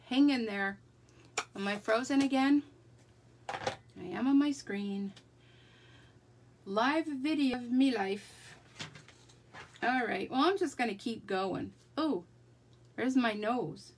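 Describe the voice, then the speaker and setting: A woman's voice: fairly high pitch, takes it slowly, pauses often, a little hiss or hum. A woman chatting her way through a live card-making demonstration, talking to herself as she works. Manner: chatty, talks to herself while working.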